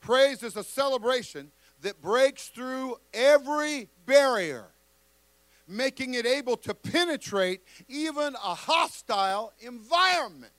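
A man preaching a fiery sermon who calls on the congregation to answer back and builds his lines up into shouts. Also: very high-pitched, animated, a little slow, dry recording.

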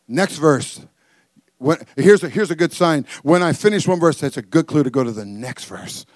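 A man preaching a lively sermon, swinging from booming to hushed and laughing often. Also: normal speed, dry recording, clean studio sound. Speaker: pastor.

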